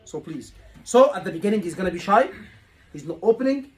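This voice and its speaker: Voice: mid-range voice, expressive, fairly quick, soft background music, low-quality recording. A tutor coaching a room of students, repeating key points and asking rhetorical questions. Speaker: exam tutor. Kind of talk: live teaching session.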